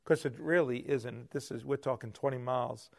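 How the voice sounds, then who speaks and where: Gravelly-voiced preacher man, loud to hushed. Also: mid-range voice, normal speed. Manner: animated preaching, swings from loud emphasis to hushed asides. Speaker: pastor. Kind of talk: sermon.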